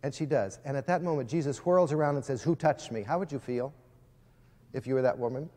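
A man's voice: medium pitch, fairly quick, background noise. Emphatic preaching man in a reverberant hall. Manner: emphatic, storytelling, addresses the audience directly. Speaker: guest speaker addressing students. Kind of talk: impassioned preaching-style speech. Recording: long reverb of a large hall.

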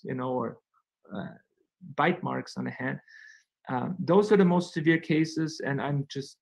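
Gravelly man, halting with fillers. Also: fairly high pitch, poor audio. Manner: halting, many fillers and restarts. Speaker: physician guest. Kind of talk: conversational webinar explanation.

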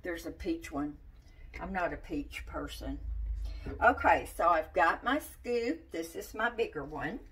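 A woman's voice: lowish voice, expressive, a little slow, a bit bright, far from the mic. A woman giving a casual cooking demonstration in a home kitchen, chatty and folksy, talking straight to her viewers. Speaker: cooking vlogger.

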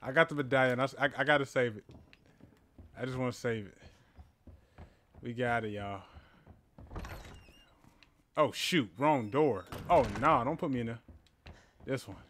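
A man casually commenting on a horror game as he plays, talking to his viewers and yelling when startled. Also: mid-range voice, unhurried, long pauses, a little hiss or hum. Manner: excitable, talks to viewers, yells at jump scares. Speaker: gaming channel host. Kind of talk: casual let's-play commentary. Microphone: headphones with a mic.

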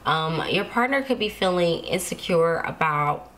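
A woman's voice: fairly low pitch, animated, a little slow, fairly bright tone. A woman giving a casual tarot reading to her viewers, chatty and reassuring, often laughing to herself. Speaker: tarot card reader.

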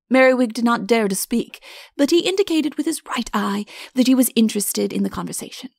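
A woman's voice: fairly high pitch, fairly quick, vocal fry, dry recording, studio quality. A woman narrating a storybook audiobook and acting out the characters in turn. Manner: acts out each character. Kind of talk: storybook reading with character voices.

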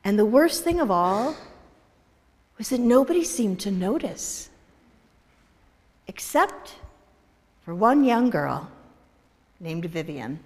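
Slow, expressive woman minister telling a story. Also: medium pitch. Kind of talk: storytelling in a worship service. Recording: echoey hall.

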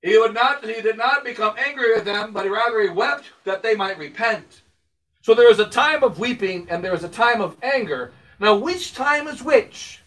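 A man with a high, bright voice preaches an emphatic sermon from a distance from the microphone. He drives his points home with rhetorical questions and repeated phrases, asking and then answering. The voice sounds like a priest in a church. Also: expressive, normal speed. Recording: voice picked up from a distance.

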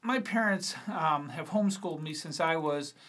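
A man's voice: fairly high pitch, normal speed, a bit bright, lightly acted. A man reading a screenplay aloud, voicing a sullen, dismissive teenage girl. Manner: curt, dismissive.

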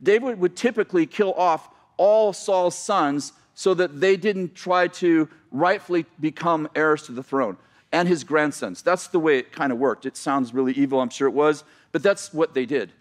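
Male pastor, sermon, slightly raised pitch, loose storytelling with asides and self-corrections. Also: normal speed.

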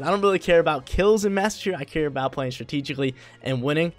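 A young man, a college student, giving live gameplay commentary in a slangy, excitable way that bursts into loud hype. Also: on the high side, fast talker, hardly any pauses, faint music behind. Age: young adult. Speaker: gaming video creator.

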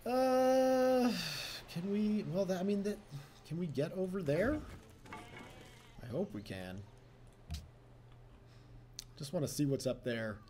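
A man's voice: sits high, animated, takes it slowly, long pauses, dark tone, faint music behind. A young man casually commenting on his strategy game session, chatty and self-mocking, laughing often. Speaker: let's play host.

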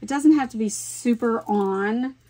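A woman chatting casually while she works on a scrapbook layout at home. She is animated, thinks aloud and laughs often. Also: a little high, a little slow. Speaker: scrapbooking vlogger. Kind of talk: casual chat while crafting.

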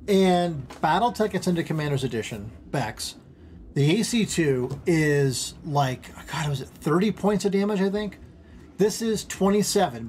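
A man casually commentating his strategy game stream at home, rambling, interrupting himself and getting excited over small things. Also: fairly high pitch, slight background noise.

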